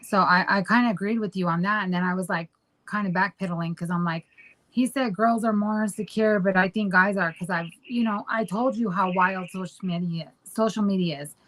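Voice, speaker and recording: A woman's voice: mid-range voice, steady tone, a little fast, a bit bright, low-quality recording. A woman co-hosting a podcast, talking in a casual, rambling way and teasing her husband. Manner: rambling, teasing, goes back and forth. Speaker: podcast co-host. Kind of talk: casual chat.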